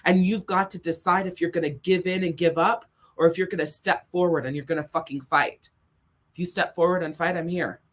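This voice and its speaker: A woman's voice: lowish voice, steady tone, fairly quick. Woman life coach delivering a blunt, profane motivational talk that hammers its points home. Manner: blunt, emphatic, heavy swearing; repeats points for emphasis. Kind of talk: motivational monologue.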